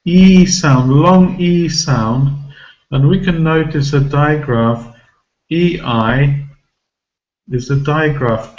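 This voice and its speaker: A man teaching English pronunciation, talking slowly and deliberately at a mid pitch. He repeats key words to drive them home, and the recording sounds a little muffled. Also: darkish tone. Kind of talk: pronunciation lesson. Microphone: recorded for a video lesson.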